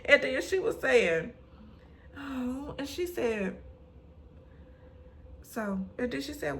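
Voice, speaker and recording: A woman, recapping a TV episode in casual, animated storytelling, acting out the characters' lines. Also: high-pitched, slow pace, pauses often, slight background noise. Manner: animated storytelling, acts out quotes. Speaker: recap vlogger.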